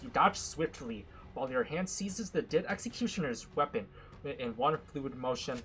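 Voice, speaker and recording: Bright-voiced man reading a game story. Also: a little high, moderate pace, husky, faint music behind, poor audio. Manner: dramatic narration broken by excitable, joking asides. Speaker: gaming content creator. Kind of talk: reading a visual novel aloud with commentary.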